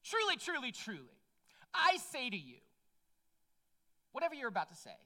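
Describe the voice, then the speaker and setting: A woman's voice: high voice, wildly swooping pitch, moderate pace, sharp tone, voice pushed up, heavily acted. A woman voicing a blunt adult male teacher who cuts people off with playful, emphatic bursts. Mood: teasing, emphatic.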